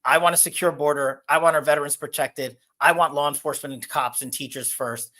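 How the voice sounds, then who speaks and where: Male interview guest, bright edgy tone, insistent and promotional delivery. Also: on the high side, steady tone, fairly quick. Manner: forceful, promotional, list-like talking points. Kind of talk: political interview.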